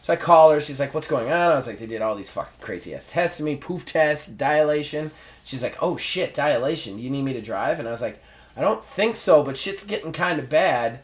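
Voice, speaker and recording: Male podcast host, casual storyteller, acts out dialogue with a swooping pitch. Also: a little fast. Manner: animated storyteller acting out dialogue. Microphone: podcast mic.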